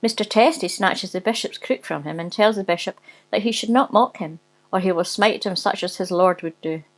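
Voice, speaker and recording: A woman's voice: medium pitch, moderate pace, low-quality recording. Giggly woman reading a rude tale. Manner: giggly, breaking into laughter while reading. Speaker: storyteller. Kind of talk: reading a rude comic story aloud.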